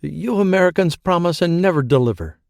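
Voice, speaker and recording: A man's voice: animated, a little fast, creaky, no echo, clean studio sound. A man voicing a frightened, hysterical pregnant young woman who hisses and frets. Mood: bitter. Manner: shrill, frantic, hissing.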